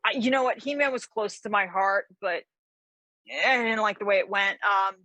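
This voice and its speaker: A woman from the New York area, a guest author telling stories in a casual interview, animated and full of restarts and fillers. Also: medium pitch, moderate pace, no echo. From New York area, USA. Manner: animated, lots of fillers and restarts, acts out quotes.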